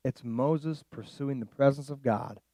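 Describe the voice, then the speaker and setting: A man preaching a sermon as pastor, animated and casual, dropping into quiet asides and rising into loud emphatic passages. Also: mid-range voice, unhurried, no echo. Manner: casual slang.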